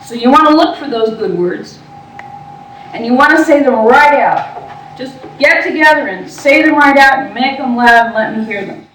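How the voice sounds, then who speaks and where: High-voiced woman teaching from far off. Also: expressive, fairly bright tone. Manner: brisk, directive, prompting the group. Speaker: teacher leading a workshop. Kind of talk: classroom teaching. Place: large room with a group. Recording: echoey room from far off, faint noise.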